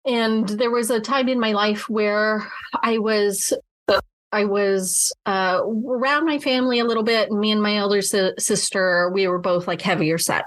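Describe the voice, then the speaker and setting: A woman's voice: medium pitch, steady tone, normal speed, no echo. Reflective woman podcast host, dry sound. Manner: reflective, with frequent restarts and fillers. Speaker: podcast co-host and mental health clinician. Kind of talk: casual podcast chat.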